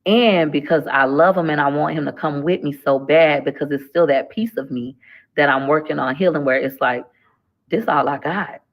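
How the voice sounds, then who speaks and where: A woman's voice: deep voice, normal speed, highs cut off. A middle-aged woman, talking through a casual live-stream monologue in a preachy, emphatic way that repeats phrases. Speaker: livestreamer.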